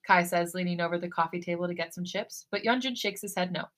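A woman's voice: on the low side, quick pace, hardly any pauses, fairly bright tone. A woman co-hosting a podcast, reading fan fiction aloud with expression.

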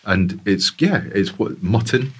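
Scottish male podcast co-host, low and husky, loose and rambling. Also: lively intonation, unhurried, fairly bright tone. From Scotland. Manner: rambling, repeats words and restarts often. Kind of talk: casual chat.

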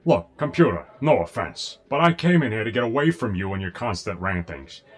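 A man's voice: fairly low pitch, very animated, brisk. An actor voicing a wary, hesitant male captain.

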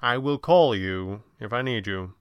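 A man reading an audiobook voices a polite, composed wealthy young gentleman who speaks in a courteous, measured, formal way. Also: lowish voice, clean tone, no echo, highs cut off, lightly acted. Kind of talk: audiobook narration.

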